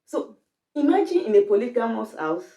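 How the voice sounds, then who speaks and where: Middle-aged Nigerian woman, Yoruba first language, lively storyteller, echoey room. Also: fairly high pitch, moderate pace, lo-fi sound. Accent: Nigerian English. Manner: animated storytelling, acts out voices, laughs while telling. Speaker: storyteller guest, the host's mother. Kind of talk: candid family conversation. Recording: roomy, distant mic.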